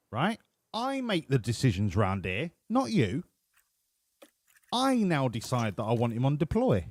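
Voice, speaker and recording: A man's voice: fairly high pitch, a little hiss or hum. A man commentating his game livestream, joking and swearing as he banters with his chat. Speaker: streamer. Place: home room.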